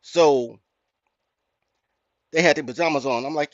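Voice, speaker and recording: A man with a Chicago accent, hosting a podcast and telling a story in a blunt, profane, animated rant. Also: on the high side, unhurried, no room sound. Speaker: podcast host. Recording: dry, muffled lo-fi audio.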